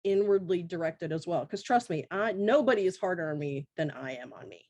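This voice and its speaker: A woman with a slightly low voice co-hosts a casual podcast. She thinks aloud in a reflective way and pauses often on fillers. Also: lively intonation, darkish tone. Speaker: podcast co-host. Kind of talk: candid personal conversation.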